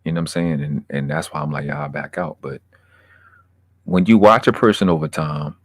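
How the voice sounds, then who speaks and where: Low-voiced man rambling casually on stream. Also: steady tone, brisk, dry recording. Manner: loose, profane, rambling with restarts. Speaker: livestream host reading chat. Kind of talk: casual livestream chat.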